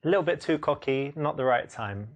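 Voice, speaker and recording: A man's voice: a little high, animated, brisk, dull audio. A man coaching the viewer on dating in a matter-of-fact, advising way. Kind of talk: instructional commentary.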